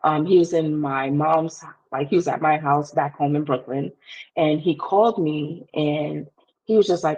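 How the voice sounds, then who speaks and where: Husky young woman telling a candid story. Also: low voice, steady tone, a little mellow, muffled recording. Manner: candid, quick, acts out quoted dialogue. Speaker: podcast guest. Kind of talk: personal storytelling in an interview.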